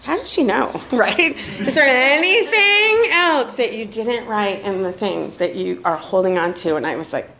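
A middle-aged woman speaking at a recovery meeting, telling her story candidly and profanely, with animated retellings and bursts of laughter. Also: mid-range voice, normal speed, creaky, few pauses, noisy background.

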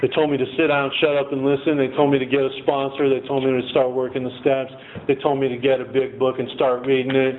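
A man's voice: mid-range voice, little pitch movement, fast, hardly any pauses. A man telling his personal recovery story in a casual, rambling way, often adding "man" and "you know". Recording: tinny phone-like lo-fi audio with faint noise.

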